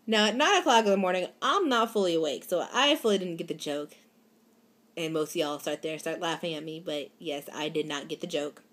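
A woman's voice: low voice, brisk, fairly bright tone. A young woman, chatting casually to camera in a rambling, giggly way with lots of fillers and restarts. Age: young adult. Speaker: vlogger.

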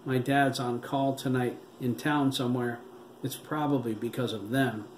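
A man's voice: medium pitch, steady tone, moderate pace, a little hiss or hum, lightly acted. A man reading an audiobook, voicing a frightened boy who talks shakily and insistently, in a roomy recording. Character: scared but steady boy.

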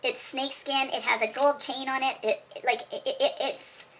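A woman's voice: high-pitched, steady tone, moderate pace, background noise, pitched above the performer's own voice, close to an everyday voice. A woman voicing a gushing, over-the-top female perfume reviewer, dramatic and rambling with restarts.

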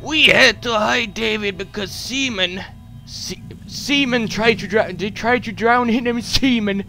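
A man's voice: sits high, measured pace, gravelly, sharp tone. A young man commenting to himself while playing a horror game, joking and swearing between jumpy moments. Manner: talks to himself, swears, jokes, screams at scares. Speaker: gameplay commentator. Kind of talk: horror let's play commentary. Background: game music.

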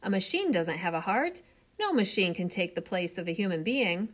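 A woman's voice: medium pitch, big pitch swings, normal speed. A woman reading aloud, voicing a strong, brave working man who drives steel, in an earnest, determined manner.

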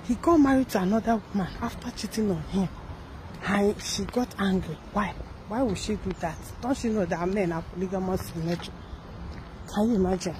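A woman's voice: medium pitch, a little mellow, a little hiss or hum, rough recording. A young Nigerian woman giving a sarcastic gossip commentary, firing off mocking rhetorical questions. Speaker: celebrity gossip vlogger. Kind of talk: satirical commentary vlog.

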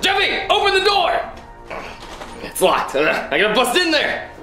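A man's voice: very high voice, huge pitch swings, a little slow, exaggerated voice. A man voicing a weary middle-aged father who talks in an exasperated, stammering way. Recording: music behind.

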